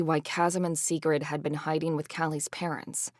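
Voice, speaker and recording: A woman narrating a fantasy audiobook in the first person, expressive and indignant. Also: low voice, normal speed, no room sound, studio quality.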